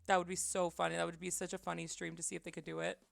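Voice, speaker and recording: A woman livestreamer chatting casually while she draws, rambling and self-deprecating, often dropping to quiet mutters. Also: fairly low pitch, level tone, very fast, creaky. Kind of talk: casual chat while drawing on stream.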